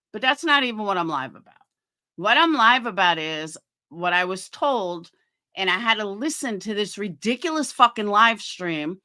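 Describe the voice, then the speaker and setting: In a sharp tone at medium pitch, a livestream host vents in a heated, profane rant laced with sarcasm. She is battling cancer.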